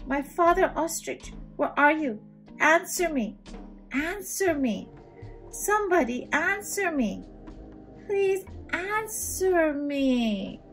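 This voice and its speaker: A woman's voice: moderate pace, hardly any pauses, soft background music, natural voice. A woman doing a desperate little girl calling out. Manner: high, loud pleading calls. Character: young girl searching for her parents, desperate.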